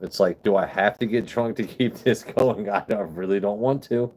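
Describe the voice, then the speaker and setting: A man's voice: on the low side, moderate pace, a little mellow, slight background noise. A man hosting a casual livestream, rambling and swearing as he chats with his viewers. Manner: rambling, profane, chatting with viewers. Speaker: livestream host.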